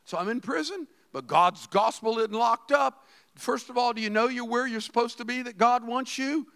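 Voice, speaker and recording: A middle-aged man preaching a sermon as a pastor, animated, swinging between hushed asides and shouted emphasis. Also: very high voice, normal speed, vocal fry, smooth.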